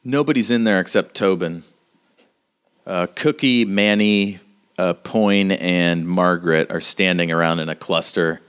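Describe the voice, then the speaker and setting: A man's voice: sits low, measured pace, fairly bright tone, smooth. A man narrating a tabletop game as game master, in a casual way with lots of fillers.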